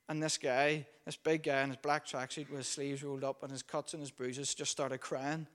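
A man preaches a sermon in a relaxed, conversational way, telling a story with frequent ums and uhs. His voice sits at a middle pitch and stays fairly flat throughout. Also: brisk, few pauses. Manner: conversational, many fillers while recounting a story.

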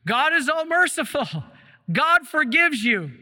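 A kindly male friar, as a preacher voices him speaks slowly and soothingly in a lifted tone. Long church-like echo trails each phrase. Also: extremely high pitch, very animated, bright, forceful tone, pitched above the performer's own voice, full character voice. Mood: tender. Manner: slow, soothing. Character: gentle kindly male friar, middle-aged.

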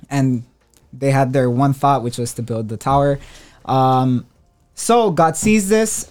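A man explaining a scripture story in a casual faith discussion, pausing often and checking in with "right?". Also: medium pitch, a little mellow. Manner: hesitant, many "uh" and "right?".

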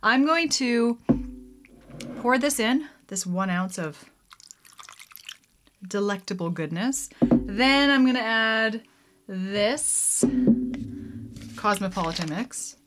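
Over a noisy background, a woman whose voice is on the high side speaks expressively and slowly, with long pauses, as she vlogs about mixing a drink at home. Her casual chat to viewers rambles with "like"s and "um"s, and she giggles while poking fun at herself.

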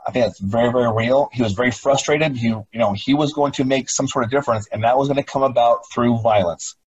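A man's voice: medium pitch, fast talker, slightly rough, highs cut off. A middle-aged man, a former police officer, talking emphatically as an interview guest, often repeating himself and asking rhetorical questions. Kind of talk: interview conversation.

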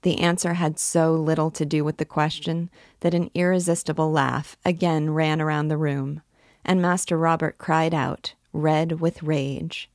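A woman reading a classic novel aloud, narrating in a measured, steady way. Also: deep voice, no room sound, clean studio sound. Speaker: book reader, guide.

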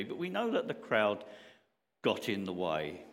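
Male preacher giving a sermon, pitch bouncing all over, talks earnest and chatty, big church echo. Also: very animated, moderate pace, a bit bright, slight background noise. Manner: earnest, conversational, with rising emphasis on questions.

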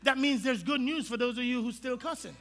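Male pastor, animated joking sermon, very high pitch, gravelly, long hall reverb. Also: brisk, background noise. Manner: animated, humorous, colloquial preaching.

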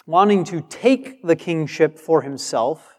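A man's voice: fairly high pitch, expressive, takes it slowly, darkish tone. A man preaching a sermon with emphasis, acting out the replies he quotes. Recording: long hall reverb.

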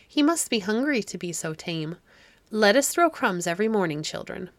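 A woman reading a storybook aloud, voicing a kind young governess who speaks gently and soothingly. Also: mid-range voice, big pitch swings, normal speed, no echo, lightly acted. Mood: gentle. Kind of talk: audiobook reading.

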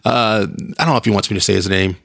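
A man's voice: lowish voice, steady tone, fast, gravelly, fairly bright tone. Rambling, chatty podcast host man. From Texas. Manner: chatty, rambling storyteller with frequent restarts and laughs. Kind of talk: casual solo podcast chat.

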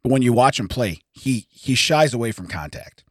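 A hoarse man co-hosting a podcast, telling a story in casual chat, laughing often and acting out the people he quotes. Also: medium pitch, expressive, normal speed, dry recording, studio quality. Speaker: podcast co-host. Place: podcast studio.

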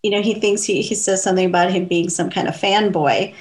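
A woman's voice: medium pitch, a little fast. A woman with a mid-range voice chatting casually as co-host of a TV recap. She quotes lines from the show and adds her own comments on them. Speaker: podcast co-host. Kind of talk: casual chat.

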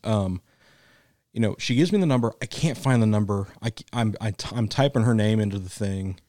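A man's voice: fairly low pitch, brisk, warm tone, no room sound, studio quality. A man co-hosting a podcast, telling a rambling story with frequent laughs and casual swearing. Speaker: podcast co-host. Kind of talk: casual chat.

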